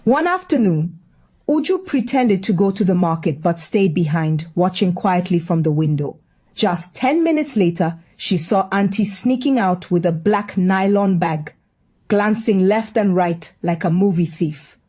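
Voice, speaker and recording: A woman's voice: mid-range voice, expressive, measured pace, mellow. A woman telling a scripted story in a wry, gossipy manner.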